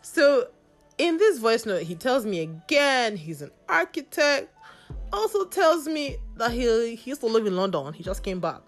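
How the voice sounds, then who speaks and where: A woman hosting a podcast, telling a dating story in a casual, animated, playfully sassy way. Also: a little high, measured pace, faint music behind. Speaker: podcast host.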